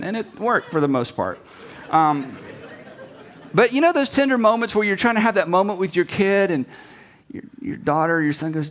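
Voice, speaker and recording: A man preaching to a seminary audience, his voice rising and falling widely as he moves from story to story. He sits a little higher than most men and acts out every quoted line before sinking to a near-hush on the key point. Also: fairly quick. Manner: animated storyteller who acts out quotes and drops to quiet emphasis. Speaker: pastor. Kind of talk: sermon-style talk to seminary students.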